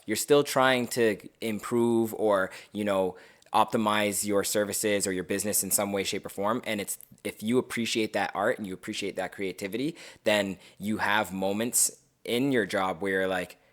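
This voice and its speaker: A man's voice: fairly low pitch, steady tone, moderate pace, a bit bright. A young man, a barber co-hosting a podcast, talking in a laid-back, rambling way with many restarts. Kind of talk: casual chat.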